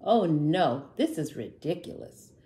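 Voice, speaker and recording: A woman reading the part of a small, grumpy boy dinosaur who shouts huffily on a monster hunt. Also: low voice, very animated, a little slow. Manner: shouting, huffy.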